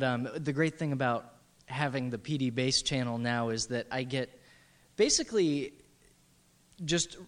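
A young man guesting on a radio show, a musician talking in a halting, self-deprecating, joking way. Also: mid-range voice. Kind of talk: casual radio interview chat.

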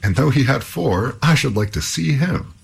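A man's voice: medium pitch, lively intonation, normal speed, gravelly, breathy edge, voice pushed up, exaggerated voice. A man voicing a bold young hero in a storybook tale, speaking defiantly. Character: bold, hungry young male adventurer.

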